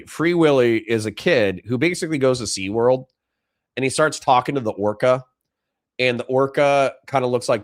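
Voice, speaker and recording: A man hosting a reaction show in casual commentary, animated and profane. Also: fairly low pitch, dry recording, clean studio sound. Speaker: host.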